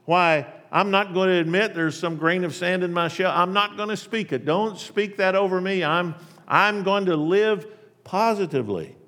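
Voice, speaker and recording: A man's voice: fairly high pitch, level tone, fast, vocal fry, few pauses, voice pushed up. A man voicing a self-pitying male oyster who complains and then forces cheer, in a reverberant hall. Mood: forced cheer.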